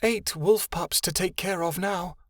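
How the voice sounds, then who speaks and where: A man voicing a young female dragon who is gentle, tearful and defiant, in an emotional, pleading manner. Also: high voice, measured pace, dry recording, clean studio sound, voice pushed up. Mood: despairing.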